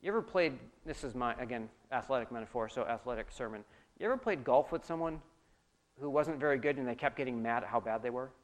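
A man preaching a sermon as a pastor, animated, swinging between loud emphasis and quiet asides. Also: mid-range voice, fast talker.

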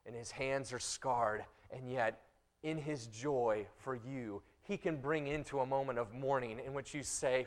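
A middle-aged man preaching a sermon as pastor, swinging between loud impassioned passages and quiet, intimate ones. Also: mid-range voice, a little slow.

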